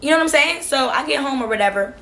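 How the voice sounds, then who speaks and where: A young woman recounts a chaotic night to her viewers in loose, slangy talk. Her voice is fairly high and bright, pushed forward with force. She sounds irritated and keeps circling back to make her point. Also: quick pace, vocal fry. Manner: animated, frustrated, slangy retelling. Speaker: vlogger. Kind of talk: casual storytime.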